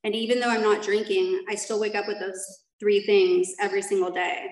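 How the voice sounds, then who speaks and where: A woman's voice: mid-range voice, level tone, a little fast, roomy sound, low-quality recording. A woman sharing her personal story with a group at a recovery meeting, candid and rambling, laughing at herself as she goes. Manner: candid, rambling, self-deprecating, laughs often.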